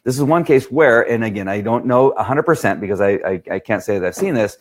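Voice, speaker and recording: Speaking a little fast in a lowish, expressive voice, a middle-aged man who trains dogs answers questions during an easygoing talk. He's chatty and keeps tossing in "right?" to check in.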